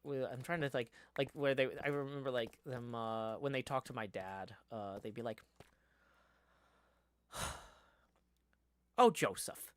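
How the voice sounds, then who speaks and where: A man's voice: medium pitch, steady tone, moderate pace, few pauses, smooth, dry recording. A man chatting casually on a live stream, reading viewer comments aloud and answering them in a rambling way.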